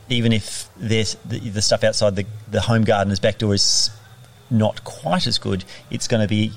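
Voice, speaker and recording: A man's voice: fairly low pitch, creaky. A middle-aged man from Australia, a chef turned farmer, speaking reflectively in a conversational interview, with frequent fillers and restarts.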